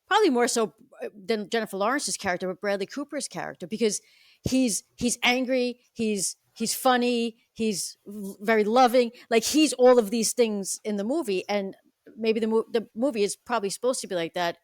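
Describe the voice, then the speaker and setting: A woman's voice: on the high side, normal speed, no echo, studio quality. A woman co-hosting a film podcast, chatting casually and acting out scenes from the movie. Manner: animated, acts out scenes with raised voice. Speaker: podcast co-host.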